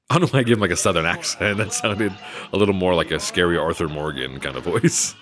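A man's voice: low-pitched, very animated, fast, a bit bright. A man giving casual gameplay commentary, swearing often and joking at his own expense. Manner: swearing, self-mocking jokes. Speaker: let's play commentator.

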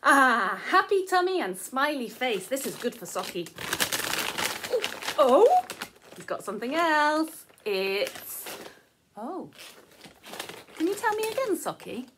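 A woman's voice: high-pitched, big pitch swings, takes it slowly, pauses often, noisy background. A woman teacher giving a playful, sing-song lesson to young children.

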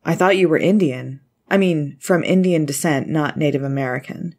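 A woman's voice: low voice, normal speed. A woman voicing an easygoing teen surfer boy. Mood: friendly. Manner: relaxed, chatty. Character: friendly teenage male surfer, easygoing.

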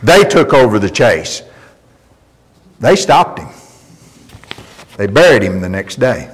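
A man's voice: fairly low pitch, very animated, slow, husky. A male pastor preaching a sermon, telling folksy stories with emphatic delivery. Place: church sanctuary. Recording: long reverb of a church hall.

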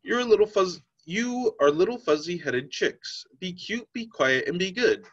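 A man's voice: sits high, lively intonation, moderate pace, a bit bright. A man voicing a stern, grumpy old farmer in a read-aloud storybook, scolding firmly. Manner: scolding, firm. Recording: slightly dull lo-fi sound.

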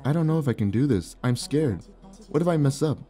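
A man's voice: medium pitch, animated, fairly quick, dark tone, faint music behind. A young man with a sore mouth giving playful let's play commentary, joking, laughing often and reading game text aloud. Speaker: gaming YouTuber.

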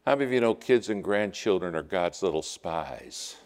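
Male preacher, lowish voice, storytelling sermon, long church reverb. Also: normal speed, slight background noise. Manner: storytelling with lively acted-out quotes. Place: church sanctuary.

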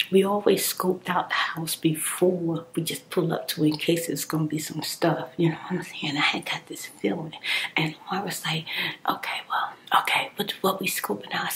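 A woman whispering a personal story in soft-spoken ASMR style while chewing gum, candid and heated. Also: lowish voice, a little hiss or hum.

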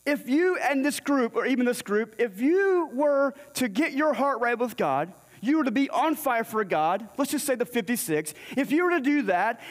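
A man preaching a sermon in a church, telling a scripture story and acting out the characters' lines. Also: extremely high pitch. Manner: storytelling, acts out the dialogue in scripture. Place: church sanctuary. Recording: long hall reverb.

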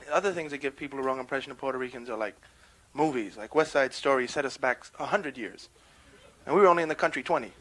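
A young man with a New York accent doing a stand-up comedy routine on a club stage, brash and quick to slip into character voices, on a 1970s live record with faint hiss. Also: mid-range voice, fairly bright tone.

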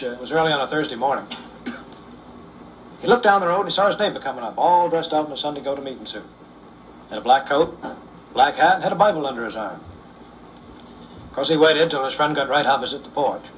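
A man telling folksy humorous stories in an unhurried way, with frequent "uh"s. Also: on the high side, expressive, fairly bright tone, far from the mic, a little hiss or hum, poor audio. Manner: unhurried, with fillers. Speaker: storyteller.

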